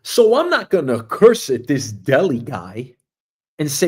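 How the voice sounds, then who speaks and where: Animated New York man, lively pitch. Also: unhurried, breathy edge. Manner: animated storytelling, acts out quoted voices. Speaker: host. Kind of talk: casual comedic monologue.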